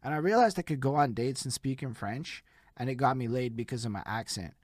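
A man's voice: medium pitch, a little fast, no room sound, studio quality. A man from Quebec in casual, profane, jokey conversation as a podcast host. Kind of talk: casual chat.

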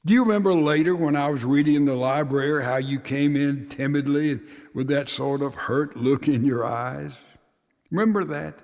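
A man preaching a sermon and reading a father's letter aloud in a slow, tender, emotional way that sinks to hushed tones. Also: on the high side. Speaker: pastor. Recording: long reverb of a large hall.

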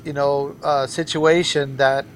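This governor hopeford interview guest pushes his political views earnestly and emphatically, arguing through repeated phrases. His voice is on the high side with little pitch movement, delivered a bit slowly over slight background noise.

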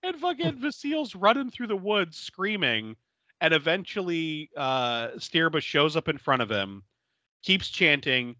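A man with a somewhat high, unhurried voice co-hosts a laid-back podcast, recounting a film's plot while laughing often and performing the characters' lines. The recording is dry with no echo but sounds dull.

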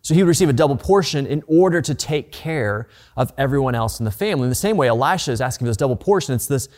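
A man's voice: mid-range voice, lively intonation, fast, darkish tone. Male pastor, middle-aged, conversational sermon delivery, repeats for emphasis.

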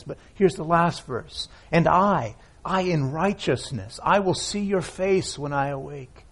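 A man preaching a sermon as pastor, reading scripture aloud and swinging from loud emphatic lines to hushed, near-whispered ones. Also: fairly high pitch, slightly rough. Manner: reads scripture aloud with feeling.

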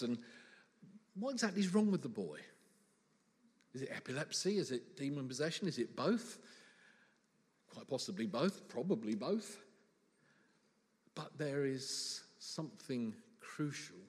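A man's voice: mid-range voice, big pitch swings, a little slow, long pauses, long reverb tail. A man preaching a sermon in church, conversational and humorous, full of rhetorical questions.

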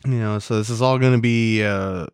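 A man's voice: on the low side, fairly even intonation, normal speed, smooth, no echo, studio quality. A man hosting a solo podcast in a casual, rambling, joking way, swearing now and then and coughing between lines. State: hiccuping and coughing. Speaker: podcast host.

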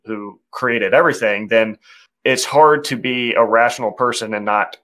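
A man's voice: mid-range voice, normal speed, pushed and bright. A man conducting an interview, answering thoughtfully with fillers and restarts. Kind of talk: conversational interview.

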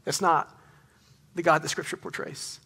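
A man's voice: on the high side, fairly even intonation, normal speed, gravelly, pushed and bright, slightly rough. A young man preaching a sermon to a congregation, earnest and conversational, with emphatic rising questions. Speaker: pastor.

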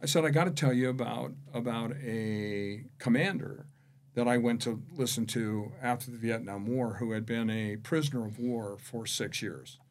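A man, a real estate executive, telling anecdotes as a podcast guest, shifting between hushed and emphatic delivery. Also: medium pitch, normal speed. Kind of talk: conversational storytelling.

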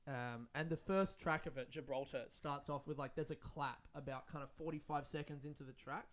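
Speaking into a studio-style podcast mic, a man hosts his own solo show, rambling casually with plenty of swearing and self-mockery. His voice is on the high side and a bit bright, with fairly even intonation and a fairly quick pace.

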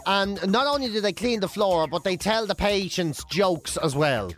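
High-voiced radio host, animated. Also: male voice, normal speed, soft background music. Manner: animated storyteller, comic asides. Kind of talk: casual radio banter.

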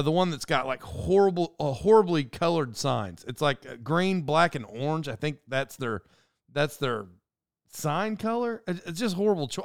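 A man's voice: a little high, clear, resonant tone, dry recording, clean studio sound. A man hosting a podcast, rambling through a digressive solo monologue and getting worked up over small things. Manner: digressive and self-interrupting, ranting. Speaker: podcast host.

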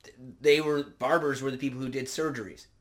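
A man's voice: medium pitch, fairly even intonation, fairly quick, fairly bright tone. A man co-hosting a casual chat, crude and joking, rambling through stories. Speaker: podcast co-host.

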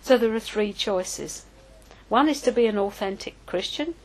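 An older woman preaching in a relaxed, conversational way. She tells personal stories and often stops to correct herself, at a medium pitch. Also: normal speed, low-quality recording. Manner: chatty and anecdotal, with self-corrections. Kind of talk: informal teaching talk.

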